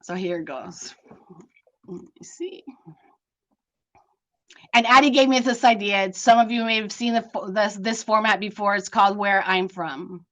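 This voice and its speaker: A woman's voice: medium pitch, normal speed, hardly any pauses. A grandmother presenting to an online group over a video call, laughing often and mixing Spanish sayings into her talk. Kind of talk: online talk with a poem reading.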